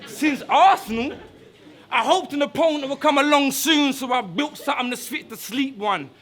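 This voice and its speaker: A man performing taunting rap verses at a live battle, shouting his punchlines at an opponent. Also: very high voice, expressive, normal speed. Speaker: battle rapper.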